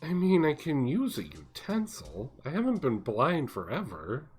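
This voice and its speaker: Slow, lively game master man. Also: on the high side, husky, soft background music. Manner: laughs often, slow and lively. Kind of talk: narrating a tabletop game.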